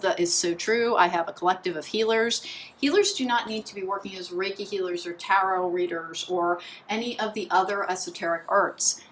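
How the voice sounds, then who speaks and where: Woman tarot reader, mid pitch, rambling and chatty, faint room noise behind. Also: fairly bright tone, low-quality recording. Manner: chatty, meandering, full of "like" and restarts. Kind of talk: pick-a-card tarot reading.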